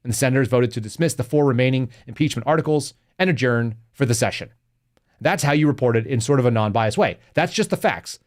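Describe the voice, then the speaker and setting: A man's voice: mid-range voice, fast talker. A man hosting a live political podcast, reading news articles aloud and commenting in a combative, sarcastic way. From Texas. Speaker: podcast host.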